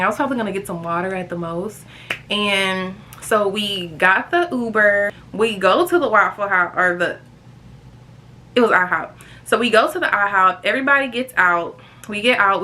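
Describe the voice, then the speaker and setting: A young woman telling a girls' trip story to her viewers in casual vlog style, animated and chatty. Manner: chatty, animated, jumps high when quoting friends. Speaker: storytime vlogger.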